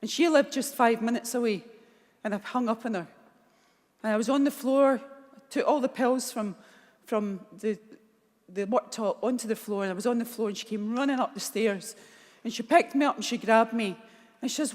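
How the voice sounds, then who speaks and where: A woman's voice: a little high, moderate pace, a little mellow. A woman with a Glaswegian accent giving a motivational speech, telling a personal story candidly and with emotion. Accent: Scottish, Glaswegian. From Scotland. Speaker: keynote speaker. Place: large conference hall. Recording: long reverb of a large hall.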